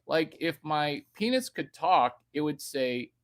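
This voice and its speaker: Rambling man ranting slowly with big swings. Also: a little high, sing-song. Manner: rambling and crude, swinging between loud bursts and hushed baby talk. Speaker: vlogger. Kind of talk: off-the-cuff comedic rant.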